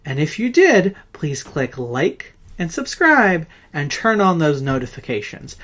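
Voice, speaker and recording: A man reading an old ghost story aloud as the channel's host, with theatrical, drawn-out emphasis on single words. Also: on the high side, sing-song, a bit bright. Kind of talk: dramatic reading and channel outro.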